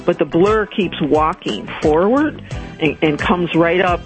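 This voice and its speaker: A woman's voice: fairly low pitch, measured pace, over music. A woman, a therapist and guest author, telling a story in a radio interview and acting out the voices she quotes. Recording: dull lo-fi sound with faint noise.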